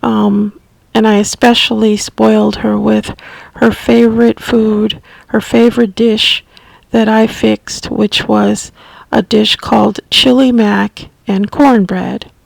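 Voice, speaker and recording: A woman telling a personal story as a caregiver, unscripted, halting and restarting often. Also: mid-range voice, level tone, gravelly, no room sound. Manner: halting, with frequent restarts and soft asides. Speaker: family caregiver sharing memories.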